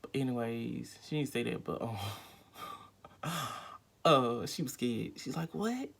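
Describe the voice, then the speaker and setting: A man's voice: mid-range voice, slow, gravelly, a bit bright. A young man telling a rambling, emphatic storytime vlog at home, full of fillers and acted-out quotes. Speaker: vlogger.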